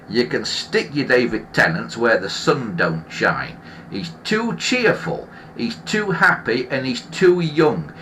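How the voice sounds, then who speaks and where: A man's voice: medium pitch, a bit bright, a little hiss or hum. Grumbling man ranting. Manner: opinionated, grumbling rant; rambling with frequent restarts. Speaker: live stream host. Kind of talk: casual live-stream chat.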